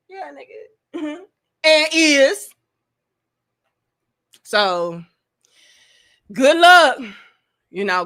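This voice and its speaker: A woman hosting a casual livestream, reading chat comments and giving blunt, profane, animated advice. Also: on the high side.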